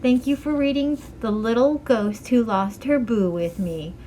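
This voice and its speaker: A woman librarian reading a rhyming story aloud to children, with an animated read-aloud manner. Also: a little high, measured pace, slight background noise, poor audio.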